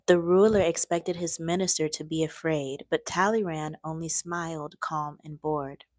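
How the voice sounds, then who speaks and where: Slow-reading woman on a live stream. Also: fairly low pitch, a little mellow, no room sound. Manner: slow reading, breaks off to chat with viewers. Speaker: live-stream book reader.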